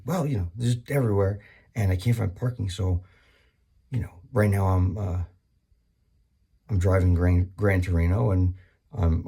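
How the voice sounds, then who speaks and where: A man doing a rambling, profane comedy monologue, full of restarts and sudden high-pitched bursts. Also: gravelly, warm tone, breathy edge.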